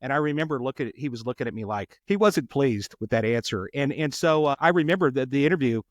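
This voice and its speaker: A man's voice: mid-range voice, quick pace, no echo, studio quality. A middle-aged man from Los Angeles, a homicide detective, tells a story in a podcast interview and acts out the lines of the people in it. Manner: animated storyteller who acts out quotes.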